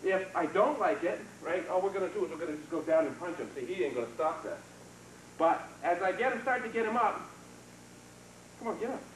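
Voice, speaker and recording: A karate instructor with a high-sitting, expressive voice talks briskly while demonstrating moves at a martial arts seminar in a training hall. He coaches casually with short bits of praise, and the noisy 1990s video has a distant mic and echoey sound.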